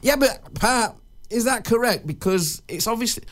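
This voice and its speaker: A man's voice: very high-pitched, animated, moderate pace, a bit bright. A man presenting a radio show in casual chat, rambling and joking with studio colleagues. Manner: rambling, jokey, self-interrupting.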